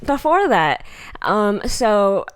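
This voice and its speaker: A young woman co-hosting a podcast, telling a story in a casual chat with lots of laughter and lively acted-out quotes. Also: medium pitch, very slow, clean tone. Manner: animated storyteller, acts out voices, laughs often. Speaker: podcast co-host.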